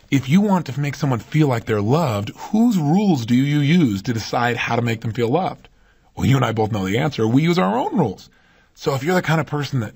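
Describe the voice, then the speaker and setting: A man's voice: mid-range voice, darkish tone, breathy edge. A man giving a motivational talk, speaking emphatically and putting rhetorical questions to his listeners.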